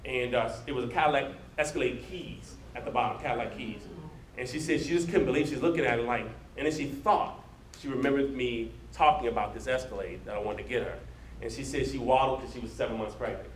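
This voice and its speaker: A man, a motivational speaker, telling a story in an animated, conversational way to a live audience in a large room. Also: mid-range voice, fast talker, reverberant, slight background noise, poor audio.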